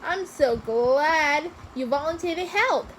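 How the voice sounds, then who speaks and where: A woman voicing a patient, friendly schoolteacher who calmly explains things in a storybook reading. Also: high voice, takes it slowly, a little hiss or hum, voice pushed up, full character voice.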